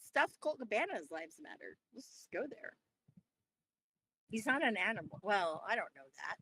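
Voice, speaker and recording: A woman co-hosting a wrestling podcast, talking casually in an animated, profane rant. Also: mid-range voice, normal speed, slight background noise, low-quality recording. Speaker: podcast co-host. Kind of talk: casual chat.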